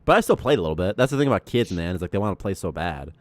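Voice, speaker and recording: Man, late twenties, deep voice, rapid, profane animated storyteller, casual stream chat. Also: dry recording. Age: 20s. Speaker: game programmer.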